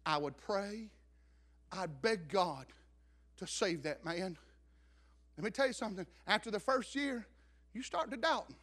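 High-voiced, bright preaching pastor. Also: male voice, animated, a little slow, pauses often. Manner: storytelling preacher, rising to shouts. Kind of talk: sermon.

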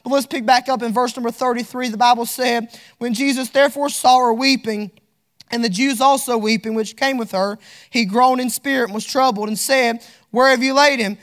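A man's voice: extremely high pitch, fairly even intonation, brisk, fairly bright tone. A man preaching a sermon, fervent and repetitive, lapsing into a sing-song cadence as he reads scripture.

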